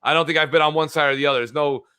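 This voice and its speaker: A man co-hosting a gaming podcast, talking in an animated, rambling way. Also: a little high, racing, clean tone. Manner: animated, reads chat aloud, fills with uh. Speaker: podcast co-host. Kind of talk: casual gaming podcast chat.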